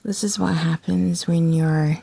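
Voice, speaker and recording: A woman gives casual gaming commentary, rambling to herself in a slow, unhurried drawl. Her voice is low and gravelly with a mellow tone. She makes laid-back, profane asides. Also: fairly even intonation, no room sound. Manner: rambling, talks to herself while browsing. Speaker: gaming channel host.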